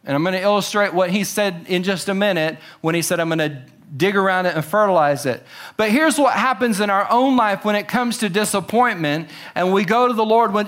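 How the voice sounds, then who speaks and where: A man preaching a sermon, animated, acting out quotes with exclamations and dropping to slow, soft emphasis on key lines. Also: high-pitched. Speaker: pastor.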